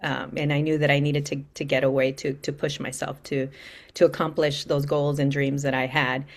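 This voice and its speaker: A middle-aged woman, an interview guest from Central California, speaking reflectively with frequent restarts and soft laughs. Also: sits low, level tone, moderate pace. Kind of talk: interview conversation.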